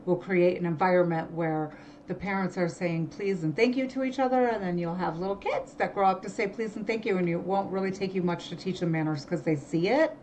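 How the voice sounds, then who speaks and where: A middle-aged woman co-hosting a casual chat show, talking in quick asides and correcting herself as she goes. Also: on the low side, a little mellow, a little hiss or hum, rough recording. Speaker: podcast co-host.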